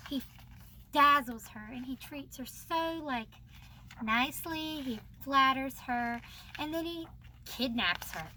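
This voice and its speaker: A woman's voice: high voice, expressive, slow, bright, forceful tone, a little hiss or hum. A young woman hosting her book channel, chatting casually and bubbly, laughing often. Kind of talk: casual chat about books.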